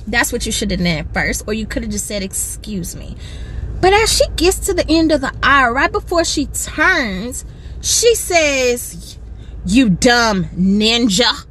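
A woman's voice: high-pitched, very animated, moderate pace, fairly bright tone, a little hiss or hum. A woman in her thirties telling a dramatic, sassy story in a vlog from her parked car, recorded on a phone. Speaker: family vlogger. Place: parked car in a store lot.

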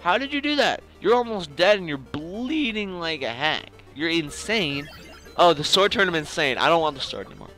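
A young man chatting casually through a video game run, joking and talking straight to the enemies. His fairly high voice leaps up and down in pitch. Faint music plays behind him. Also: normal speed. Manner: excitable, jokey, talks to the game and enemies. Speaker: gaming channel host. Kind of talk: casual gameplay commentary.

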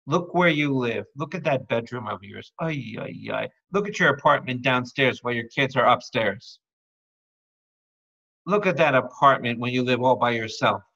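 A bright-voiced man preaching a Bible study in a slow, deliberate pace, quizzing his audience and joking with them. The recording is dull and lo-fi. He keeps a playful, engaging manner throughout. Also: medium pitch. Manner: calls out to the audience with repeated questions; playful, jokes and breaks into song. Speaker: priest teaching a Bible study. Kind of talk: lively Bible study teaching.

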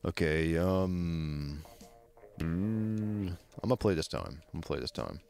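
A man streaming a video game, chatting casually and excitably with his friends, swearing now and then. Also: a little slow, gravelly. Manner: excitable, swears, pitch jumps when hyped. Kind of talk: casual gameplay commentary. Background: faint game music.

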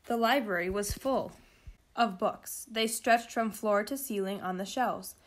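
A woman reading a children's novel aloud in a steady, expressive storytelling way. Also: mid-range voice, measured pace. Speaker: reader.

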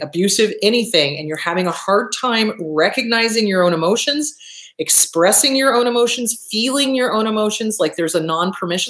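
A middle-aged woman, a therapist, giving blunt, profane, expressive advice in a casual monologue. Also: medium pitch. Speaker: therapist, show host. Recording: echoey room.

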